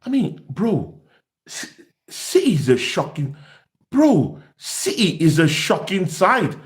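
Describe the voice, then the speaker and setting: A man giving an animated football fan rant, excitable and taunting, often repeating his words. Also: sits high, slow. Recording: echoey room.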